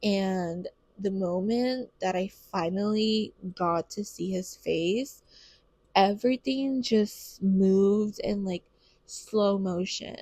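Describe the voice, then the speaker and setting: A woman's voice: medium pitch, darkish tone, dry recording. A young woman telling her birth story casually and candidly, swearing freely and saying "like" a lot.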